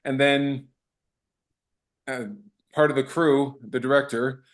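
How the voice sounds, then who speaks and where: An actor in an interview recounts fan encounters casually and animatedly, acting out quotes and restarting sentences. His medium-pitched voice moves slowly.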